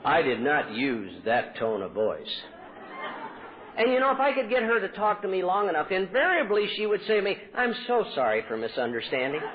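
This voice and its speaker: A man's voice: sing-song, normal speed, a crowd in the background, background noise. A man speaking at a recovery meeting, telling his story earnestly and acting out quoted lines with his voice. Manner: earnest, acts out quoted dialogue with pitch jumps. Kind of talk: personal storytelling talk. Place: convention hall. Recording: tinny old tape recording.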